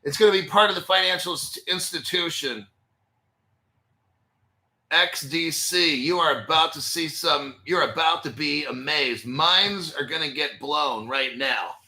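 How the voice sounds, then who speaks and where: A man's voice: on the high side, unhurried, pushed and bright. A man hosting a crypto channel, talking in a casual, blunt and exasperated way straight to his viewers as he works at his computer. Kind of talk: casual livestream commentary.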